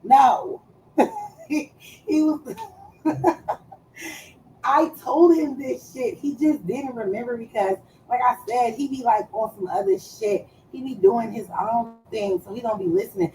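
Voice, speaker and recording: Woman streamer, high voice, unhurried delivery, crude and teasing chat, faint noise behind. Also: low-quality recording. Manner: animated, profane and teasing. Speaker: live streamer.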